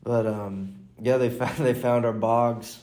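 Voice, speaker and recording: Dude hosting a chill solo podcast, kinda low mellow voice, slow, keeps restarting sentences, echoey room. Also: male voice, fairly even intonation. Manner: rambling, restarts sentences, chuckles. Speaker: podcast host and stand-up comic. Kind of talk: casual solo podcast chat. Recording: roomy echo.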